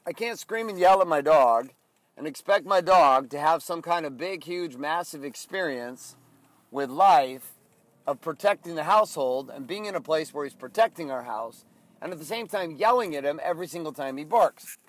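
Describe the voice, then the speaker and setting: Middle-aged guy doing a fired-up motivational podcast rant, kinda high voice, dead dry mic. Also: animated, moderate pace, dry recording. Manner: intense, emphatic, blunt with swearing. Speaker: podcast host. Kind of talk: motivational monologue.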